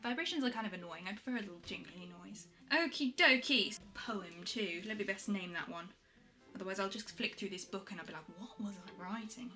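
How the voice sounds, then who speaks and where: A woman vlogging a poetry challenge, chatting in a self-deprecating way and reading her poems aloud slowly and softly. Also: medium pitch, soft background music. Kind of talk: casual chat and poetry reading.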